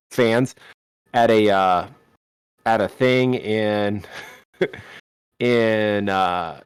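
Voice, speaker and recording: A man co-hosting a casual podcast in a rambling, joking way, often restarting his phrases mid-thought. His voice sits at an ordinary middle pitch. The sound is dry and close, with no room echo. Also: clean tone. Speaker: podcast co-host. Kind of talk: casual chat.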